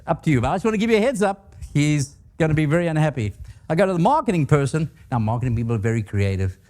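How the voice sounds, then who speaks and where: A man's voice: a little high, sing-song, rapid-fire, a little mellow. An older man giving a leadership talk to a live audience, telling stories with humor and asking the audience questions. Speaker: guest speaker.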